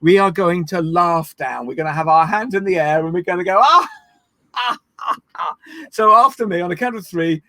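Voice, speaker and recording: Playful laughter yoga instructor, high voice. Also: male voice, fairly quick, hardly any pauses, no room sound. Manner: playful, encouraging, bursts into laughter and shouts. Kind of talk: guided online laughter exercise. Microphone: video call.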